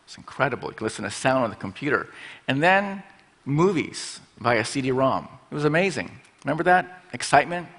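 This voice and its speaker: A man's voice: mid-range voice, very animated, fairly quick, a bit bright. A middle-aged man giving a conference talk from a stage, playful, slipping into little put-on voices as he explains. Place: conference stage in a large hall. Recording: large hall with long reverb.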